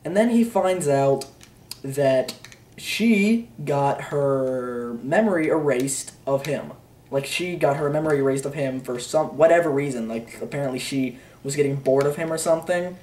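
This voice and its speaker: A man's voice: medium pitch, normal speed, a little mellow, far from the mic, a little hiss or hum. A teenage boy giving a rambling, unsure movie review, full of fillers and offhand "blah, blah, blah" asides. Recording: roomy echo, a bit off-mic.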